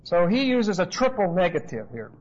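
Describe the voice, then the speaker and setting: A man's voice: sits high, big pitch swings, normal speed, breathy edge, dull audio. A man giving an expository Bible lesson, explaining emphatically and asking rhetorical questions. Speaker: Bible teacher.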